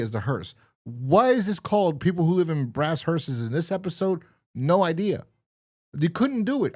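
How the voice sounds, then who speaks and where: A man's voice: fairly high pitch, darkish tone. Guy on a podcast going off about an episode he hates, rambly, does the lines himself. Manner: rambling, exasperated, retells scenes acting out lines. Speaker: podcast co-host. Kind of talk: casual chat reviewing a TV episode.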